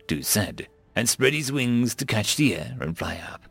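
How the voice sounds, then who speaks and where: A man's voice: fairly low pitch, very animated, normal speed, gravelly, hardly any pauses, a bit bright, breathy edge, no room sound, soft background music. A man narrating an audiobook, telling the story steadily and voicing each character.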